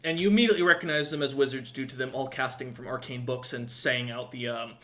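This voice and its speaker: A man's voice: mid-range voice, steady tone, quick pace, fairly bright tone. A man narrating as dungeon master in a tabletop game, rambling with lots of ums and uhs.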